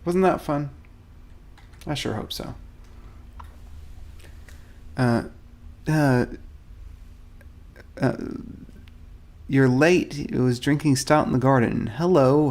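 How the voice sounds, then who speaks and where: A man with a gravelly, creaky edge to his mid-pitched voice hosts a casual weekly update for a miniatures studio. He rambles cheerfully, greets viewers by name and pokes fun at himself as he shows off new models. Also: slow pace, pauses often, darkish tone. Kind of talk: casual product showcase, chatting to live viewers.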